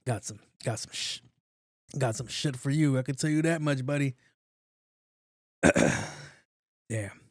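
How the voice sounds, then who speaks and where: Podcast host, man in his late thirties, casual and profane, mid-pitched voice, dry close sound. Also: measured pace, long pauses, dry recording. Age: 30s. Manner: loose, profane, repeats himself. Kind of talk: casual solo podcast commentary.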